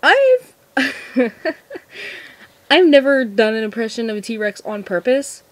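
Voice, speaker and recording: A seventeen-year-old girl with a high-leaning voice speaks briskly while answering viewer questions in a casual vlog. She's nervous and giggly, rambling with lots of restarts.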